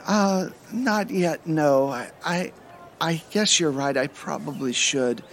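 A man voicing a sickly, timid young widow in a tabletop game, speaking in a halting, apologetic way. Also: a little high. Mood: hesitant. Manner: halting, stammering. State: coughing, ill.

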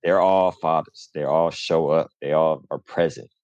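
A man's voice: rumbling low, fairly even intonation, moderate pace, darkish tone, clear, resonant tone, dry recording, muffled recording. A man talking casually and loosely, with lots of slang and "like" fillers. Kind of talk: casual chat.

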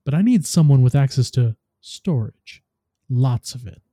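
A smooth-talking robotic ghost who bargains coolly and turns jittery when cornered, as a man reads him. The tone is very dark and mellow, and the recording is dry and close. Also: mid-range voice, lively intonation, a little slow, no room sound. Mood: scheming. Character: scheming male robotic ghost companion.

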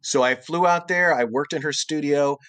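Animated middle-aged man telling a story. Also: moderate pace, clean tone, dry recording. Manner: animated, jumps into high exaggerated voices when quoting people. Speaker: guest voice actor and cartoonist. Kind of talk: storytelling anecdote in podcast interview.

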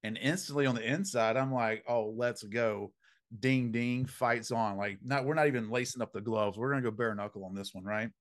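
A man telling a story as an interview guest, animated and emphatic, with punchy slang and preacherly phrasing. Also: mid-range voice, fairly quick, few pauses. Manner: preacherly, faith-filled phrasing. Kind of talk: conversational storytelling.

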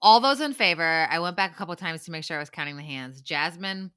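A woman co-hosting a podcast, recapping a reality show in animated casual chat and laughing often. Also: on the low side, fast, smooth.

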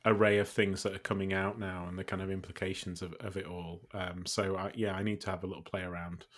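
Man, deep voice, podcast co-host, hesitant, filler-heavy, fading sentence endings. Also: flat delivery, fast talker. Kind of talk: casual podcast discussion.

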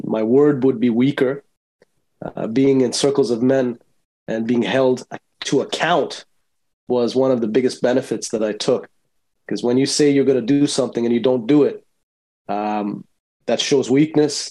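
Mellow dark-toned guy on a podcast, pauses a lot, uh, um, thinking it through. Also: medium pitch, fairly even intonation. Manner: hesitant, many filler pauses. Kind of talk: casual chat, reflective testimony.

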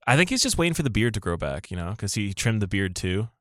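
A man's voice: on the low side, big pitch swings, fast talker, fairly bright tone, dry recording, studio quality. A young man with a Canadian accent hosting a casual sports podcast, teasing his co-hosts with jokey banter. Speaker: podcast host.

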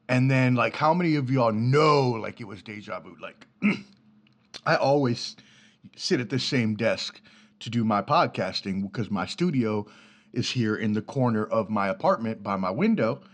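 A man in his thirties from the Washington, D.C. area, hosting his own podcast from a home studio in an apartment, talking in a loose, profane, easygoing way and laughing easily. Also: mid-range voice. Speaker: podcast host. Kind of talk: casual solo podcast rambling. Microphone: studio mic through a preamp.

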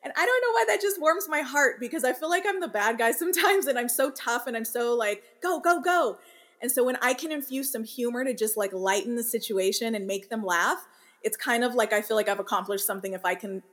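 A woman in her thirties, a working mother and podcast guest, telling family stories in a lively way and laughing as she talks. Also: fairly high pitch. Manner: animated storyteller, laughs while talking. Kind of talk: casual interview chat.

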